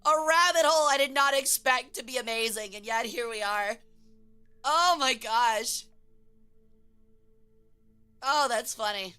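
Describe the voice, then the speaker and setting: Bright, high-voiced woman streamer. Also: measured pace, long pauses, smooth, faint music behind. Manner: animated, swearing, laughing, breaking into silly shouted voices. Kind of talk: casual chat stream.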